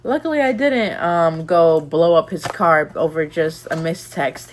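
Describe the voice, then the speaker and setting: Young woman vlogger, low-ish voice, candid and chatty, loose rambling delivery. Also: measured pace, few pauses, slight background noise. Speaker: lifestyle vlogger. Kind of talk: casual advice chat.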